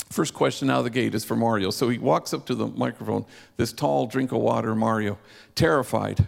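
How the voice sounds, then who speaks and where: Male preacher, gravelly voice, vivid storyteller; slows on key lines, long hall reverb. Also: medium pitch. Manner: vivid storyteller, slowing for emphasis. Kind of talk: sermon storytelling.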